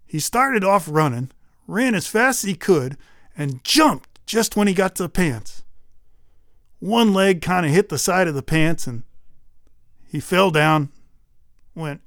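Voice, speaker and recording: A man spins a folk tale in a folksy, animated voice, fairly high for a man and full of rising and falling pitch. The recording is dry, with no room sound. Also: measured pace, pauses often, no room sound. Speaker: storyteller.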